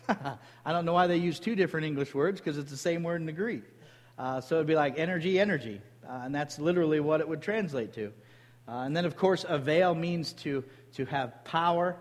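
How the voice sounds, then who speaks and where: A man preaching a sermon as pastor, emphatic, calling for responses from the congregation. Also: sits high. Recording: long hall reverb.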